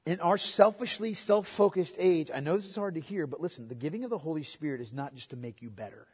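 A man preaching a sermon with emphatic delivery. He repeats key words and moves between loud proclamation and quiet, intimate asides. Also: fairly high pitch, fast, slightly rough. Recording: long hall reverb.

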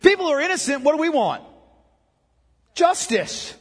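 Husky pastor guy preaching hard, voice sits way up high, echoing big hall. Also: sing-song, normal speed. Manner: impassioned, emphatic preaching. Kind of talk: sermon. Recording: long reverb of a large hall.

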